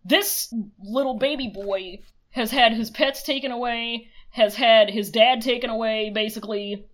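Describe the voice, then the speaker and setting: A woman's voice: on the high side, unhurried, fairly bright tone. A woman co-hosting a casual podcast recap, swearing freely, laughing often and mocking the characters. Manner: swears freely, laughs a lot, mocks characters in silly voices. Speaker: podcast co-host. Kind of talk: casual chat recapping a show.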